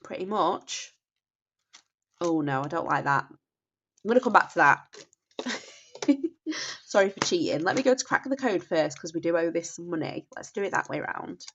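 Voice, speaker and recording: A Northern English woman in her thirties chats casually through a budgeting vlog, her voice nasal and bunged up from a cold. She talks in a lowish register, often stopping to correct herself and say sorry. The recording sounds dull and lo-fi. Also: animated, a little slow, pauses often, fairly bright tone, a little hiss or hum. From North West England. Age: 30s. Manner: chatty, apologetic, often restarts and says sorry. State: congested from a cold. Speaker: budgeting vlogger. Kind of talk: casual chat.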